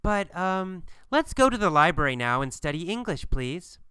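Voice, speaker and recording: A man voicing a nervous woman student in a language lesson story, speaking hesitantly with halting starts and stops. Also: high voice, very animated, bright, forceful tone, smooth, no room sound, clean studio sound, voice pushed up, full character voice.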